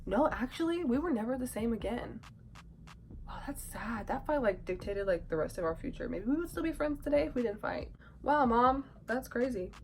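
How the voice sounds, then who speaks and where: A young woman vlogger telling a childhood story in a casual, animated way, acting out quotes and dropping into whispered asides. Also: on the high side, moderate pace, a little hiss or hum, low-quality recording. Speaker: YouTuber.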